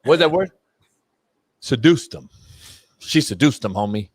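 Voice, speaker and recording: A male co-host doing a comedic mock prayer and rant, profane, repeating "Lord" and "homie" and building to shouting. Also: medium pitch, expressive, moderate pace, no room sound, studio quality.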